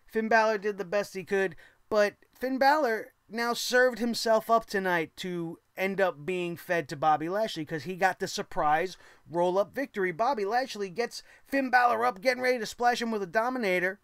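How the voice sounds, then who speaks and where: A man's voice: sits high, normal speed, a bit bright, smooth, no echo, studio quality. A man hosting a wrestling recap show, ranting sarcastically and swearing, mocking people in put-on voices. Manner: sarcastic, profane, mocking impressions.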